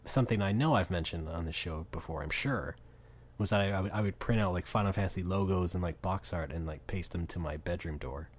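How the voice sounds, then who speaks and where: Low-voiced wry man co-hosting. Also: a little fast. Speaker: podcast co-host. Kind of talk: casual chat.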